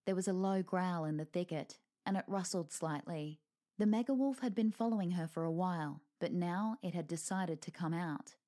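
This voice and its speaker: A woman's voice: lowish voice, normal speed, warm tone. A woman reading a lighthearted fantasy story aloud with wry narration.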